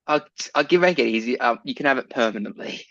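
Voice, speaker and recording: A man's voice: mid-range voice, quick pace, pushed and bright, no room sound, muffled recording. A man co-hosting a podcast in casual chat, joking around, laughing often and asking questions. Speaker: podcast co-host.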